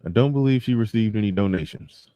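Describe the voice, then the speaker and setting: Low-voiced man, dry close mic. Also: fast, no echo, lo-fi sound. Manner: chatty, wry, reads donation pages aloud. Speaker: podcast host. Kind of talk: casual live commentary.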